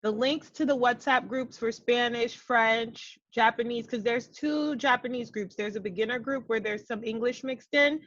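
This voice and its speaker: Woman host, relaxed and encouraging, a bit high-pitched, muffled video-call audio. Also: moderate pace, hardly any pauses. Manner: relaxed, short encouraging interjections. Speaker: interview host. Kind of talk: casual interview chat.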